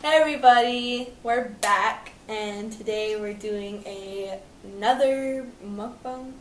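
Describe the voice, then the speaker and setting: A woman's voice: mid-range voice, slow. A woman vlogging, talking casually over a meal in a chatty way and laughing easily. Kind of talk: casual mukbang chat. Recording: distant echoey recording with faint noise.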